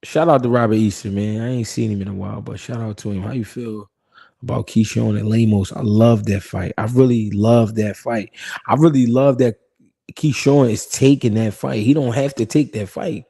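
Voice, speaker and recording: Gravelly laid-back man hosting a boxing stream. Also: fairly low pitch, fairly even intonation, normal speed, warm tone. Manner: laid-back, slangy, laughs often, repeats himself. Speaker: host of a live boxing talk stream. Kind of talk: casual live-stream chat, reading viewer comments.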